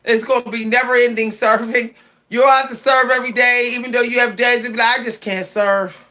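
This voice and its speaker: A woman's voice: a little high, level tone, brisk, bright, forceful tone. A woman giving spiritual advice on her livestream, preachy and emphatic, often repeating key phrases. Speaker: spiritual streamer.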